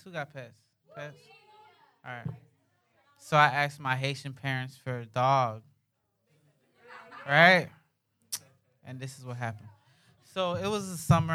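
A young man telling a comic story at an open mic, slangy and animated, constantly checking in with the crowd. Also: on the high side, clean tone. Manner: slangy, animated, keeps asking "you feel me".

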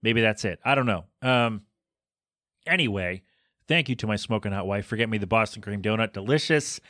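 A man's voice: lowish voice, expressive, a little fast, sharp tone, no room sound, studio quality. A man hosting a solo podcast, rambling and self-deprecating as he rants about small annoyances. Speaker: podcast host.

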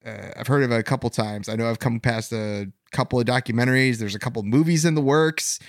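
A man's voice: medium pitch, fast, no room sound, clean studio sound. A man hosting a paranormal podcast in casual chat, rambling with fillers and self-corrections. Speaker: podcast host.

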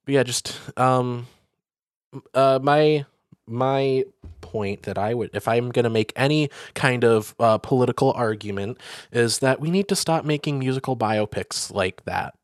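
A man's voice: medium pitch, unhurried, dry recording, studio quality. A man co-hosting a podcast, chatting casually about movies with lots of fillers and jokes. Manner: rambling, filler-heavy, jokey. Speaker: podcast co-host.

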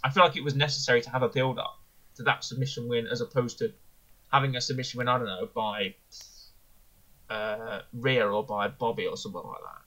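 A man's voice: mid-range voice, fairly even intonation, brisk, sharp tone, rough recording. A man co-hosting a casual review podcast, rambling enthusiastically and correcting himself as he goes. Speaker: podcast co-host. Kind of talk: casual wrestling review chat.

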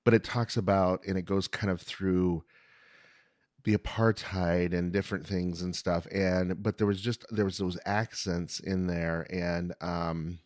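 Deep-voiced American podcast host, dry sound. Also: male voice, level tone, measured pace, darkish tone, no echo. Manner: rambling, friendly, many restarts. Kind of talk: casual interview chat.

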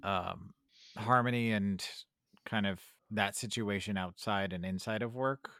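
A man's voice: lowish voice, unhurried, fairly bright tone, no room sound, clean studio sound. A man in casual podcast talk, rambling and searching for words. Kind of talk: casual chat.

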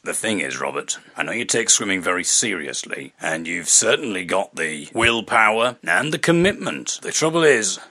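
A man's voice: deep voice, very animated, exaggerated voice. A man putting on the voice of a stern older male school teacher, breaking bad news in a solemn, patronising way. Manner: solemn, mock-gentle, drawn-out.

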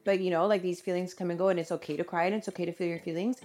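Woman, low voice, fast talker, earnest and gentle, podcast chat. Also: fairly even intonation, soft background music. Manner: earnest, gentle advice-giving. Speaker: mother on a parenting podcast panel. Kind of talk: casual podcast conversation.

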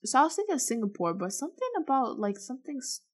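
A teenage girl on a podcast whose pitch swings widely as she talks, sarcastic and animated. She fills her speech with "um" and "like" in loose, casual chat. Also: quick pace. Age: teens. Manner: sarcastic, animated, many fillers. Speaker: podcast co-host.

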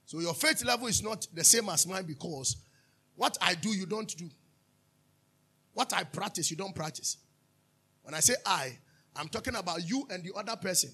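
A Ghanaian man preaching a sermon as pastor, animated, drifting into sung lines and asking his listeners to answer back. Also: sits high, normal speed, long pauses, breathy edge. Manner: calls for audience responses, asks and answers himself.

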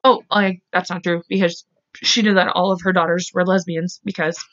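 A woman's voice: lowish voice, little pitch movement, normal speed, a bit bright. A woman hosting a podcast, casually retelling a true-crime case, full of "like" fillers and swearing when angry. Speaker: podcast host. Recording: dull lo-fi recording.

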